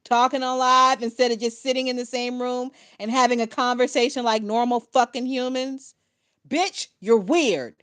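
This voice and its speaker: Young woman dishing gossip to her viewers, cussing, laughing, kinda high voice. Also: steady tone, normal speed, fairly bright tone. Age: young adult. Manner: blunt, profane, laughing, talking to viewers. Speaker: livestream gossip commentator. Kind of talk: casual gossip commentary.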